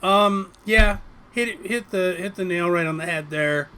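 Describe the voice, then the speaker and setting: A man's voice: high voice, a little slow, sharp tone, slight background noise. A man co-hosting a casual hobby podcast, chatting with friends, laughing often and restarting his sentences. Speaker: podcast co-host. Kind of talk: casual chat.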